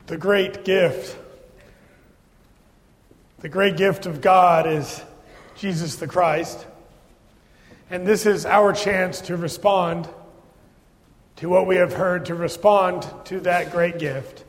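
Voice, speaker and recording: A man's voice: high voice, steady tone, takes it slowly, pauses often. A man leading a church service, earnestly inviting the congregation to come forward for a blessing. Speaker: pastor leading worship. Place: church sanctuary. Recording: church sanctuary with long reverb.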